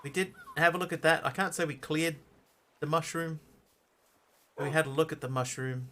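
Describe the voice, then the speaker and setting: Bright-voiced man streaming a game. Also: on the high side, moderate pace. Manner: chatty, greets viewers while playing. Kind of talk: live gameplay commentary.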